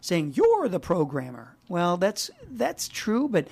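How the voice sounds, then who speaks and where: A man's voice: high voice, huge pitch swings, takes it slowly, vocal fry, a little mellow, breathy edge. A middle-aged man co-hosting a radio show in a studio, bantering in an easygoing, friendly way. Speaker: radio host. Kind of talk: casual on-air chat.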